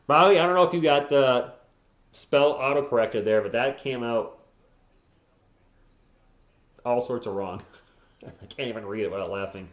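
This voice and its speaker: A man's voice: mid-range voice, normal speed, long pauses. Casual man calling a live stream game. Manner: casual, chuckling, reads viewer comments between plays. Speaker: live stream play-by-play host. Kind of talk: fan play-by-play commentary with chat replies. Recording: roomy, slightly dull home stream audio.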